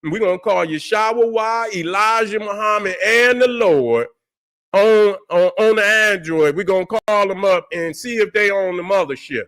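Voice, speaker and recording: High-pitched, fiery, swearing male host. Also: moderate pace. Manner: loud, fiery and repetitive, swearing constantly; calls out to viewers, drawling and mocking at times. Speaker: channel host. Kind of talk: profane livestream rant.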